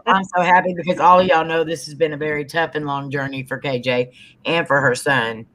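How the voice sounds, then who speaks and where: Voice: medium pitch, steady tone, brisk, fairly bright tone, slight background noise, rough recording. A host chats on a live stream, encouraging the guest and reading comments from the chat aloud.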